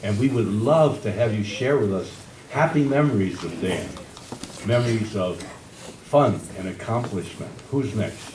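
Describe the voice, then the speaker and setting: A man leading a memorial service, inviting people to share memories in a gentle, soft-spoken way. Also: lowish voice, a little slow. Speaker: officiant of the service. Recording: echoey hall from far off with background noise.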